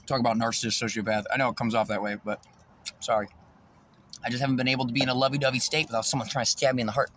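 Sitting in his parked car in a parking lot, a man tells a story for a casual vlog, racing along in a medium-pitched, slightly bright voice with flat delivery. He comes across profane, agitated and boastful, with slight background noise.

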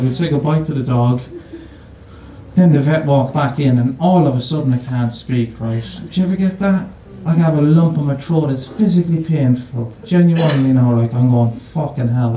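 A man telling a comic story on stage in a casual, swearing, conversational way. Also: on the high side. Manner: swearing, conversational, animated storytelling with a live audience laughing. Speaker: stand-up comedian. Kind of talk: stand-up storytelling. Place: stage in a comedy venue, before an audience. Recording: echoey live venue, voice from far off, audible audience noise.

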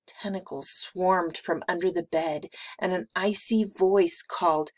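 A woman teacher reading a picture book aloud with slow, expressive delivery. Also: fairly low pitch, vocal fry.

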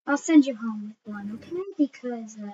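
A woman hosting a casual game role-play and judging contestants, brisk and exasperated. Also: a little high, dark tone, husky. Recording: dull lo-fi audio with faint noise.

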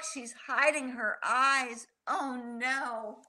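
Woman reading a children's storybook aloud, high lively voice, bright tone, unhurried, asks the kids questions.

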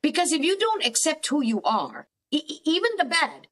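A woman's voice: sits high, moderate pace. A woman therapist, a podcast guest, talking animatedly and a little preacherly, often restarting sentences as she thinks aloud. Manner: animated, preacherly, acts out quoted voices. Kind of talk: conversational podcast interview.

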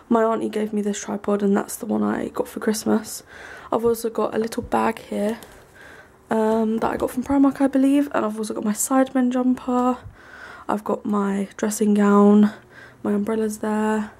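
A young woman giving a casual, rambling tour of her small bedroom, full of ums and likes, sometimes hushed. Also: fairly high pitch, creaky. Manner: hushed at times so as not to wake her brother. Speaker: vlogger. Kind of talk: casual room tour vlog.

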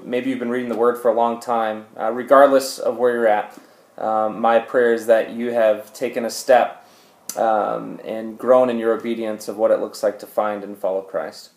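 A man's voice: medium pitch, flat delivery, normal speed, darkish tone. A man who is a pastor, teaching scripture in a sermon. He talks earnestly, explains each point and uses frequent "uh" fillers. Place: church sanctuary. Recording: echoey church hall.

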